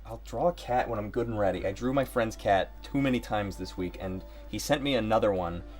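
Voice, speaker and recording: A man's voice: fairly low pitch, brisk, a little mellow, soft background music. A man from Ohio chatting casually on a live stream, rambling and joking as he works. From Ohio, United States. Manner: rambling, joking, talks to himself. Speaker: livestreaming artist.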